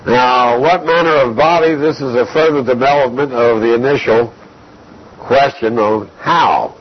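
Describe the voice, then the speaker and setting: A man preaching an expository Bible lesson, slow and deliberate, reading scripture aloud between explanations. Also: medium pitch. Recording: dull lo-fi recording.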